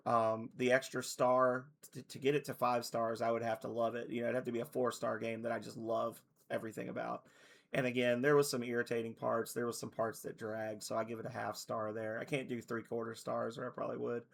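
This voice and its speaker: A man in his thirties chatting casually on a stream, rambling and correcting himself, his voice a little hoarse. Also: mid-range voice, level tone, brisk. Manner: rambling, loose, self-correcting. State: slightly hoarse.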